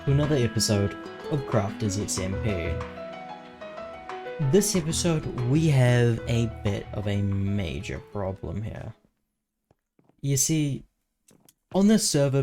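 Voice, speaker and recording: A man's voice: mid-range voice, darkish tone, low-quality recording. A man narrating his own gaming vlog in a playful, jokey salesman manner. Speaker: Minecraft server video creator.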